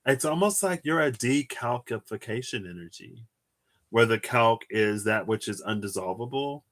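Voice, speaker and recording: A man's voice: mid-range voice, lively intonation, normal speed, a bit bright. A tired young man chatting casually as he reads tarot, musing aloud and trailing off with sighs. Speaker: tarot reader. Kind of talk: casual solo tarot livestream.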